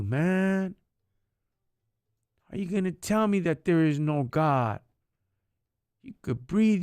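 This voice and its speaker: A man's voice: on the high side, vocal fry, a little mellow, no echo, clean studio sound. A man giving an impassioned faith talk on a live stream, preachy, in street slang, dropping in Spanish words. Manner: preachy, street slang, calls listeners homie and dog.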